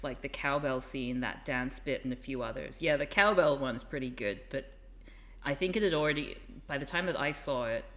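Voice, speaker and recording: A woman's voice: a bass voice, a bit bright. A woman streamer chatting casually and rambling with asides. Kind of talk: casual live-stream chat.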